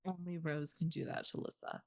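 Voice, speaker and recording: A woman's voice: deep voice, little pitch movement, brisk, dry recording, clean studio sound. A woman co-hosting a book podcast in casual chat, ranting emphatically with plenty of profanity. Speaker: podcast co-host.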